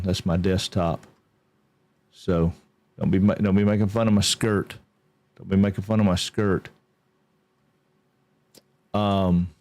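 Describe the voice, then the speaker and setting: A man's voice: deep voice, darkish tone. A middle-aged man, chatting casually on a livestream, rambling and easygoing and greeting viewers by name. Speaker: game streamer.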